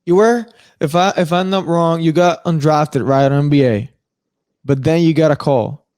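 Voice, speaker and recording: Man asking halting interview questions. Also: on the high side, a little mellow, clear, resonant tone, no echo, clean studio sound. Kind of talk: casual interview.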